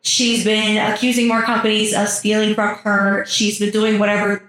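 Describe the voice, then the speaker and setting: A woman's voice: mid-range voice, monotone, moderate pace, a bit bright. Sarcastic chatty woman in an echoey room. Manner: chatty, joking, sarcastic asides. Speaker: podcast host. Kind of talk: casual reaction commentary. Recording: echoey room, distant mic, faint music.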